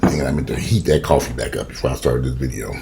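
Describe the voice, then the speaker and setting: A man's voice: very deep voice, fast, creaky, noisy background. A man in his fifties ranting profanely and animatedly in a casual home vlog, filming himself on a camera in his kitchen. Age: 50s. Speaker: vlogger.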